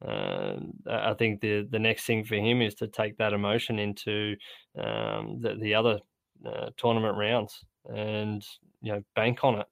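Male co-host, lowish voice, hesitant casual sports chat, dry close recording. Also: expressive, creaky, a bit bright, no echo. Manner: hesitant, repeats words, measured. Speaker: golf podcast co-host.

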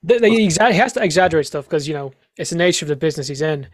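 A man's voice: a little high, animated, very fast, no room sound, clean studio sound. A young man from Ireland with an Irish accent, a podcast guest chatting bluntly with plenty of fillers. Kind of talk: casual podcast chat.

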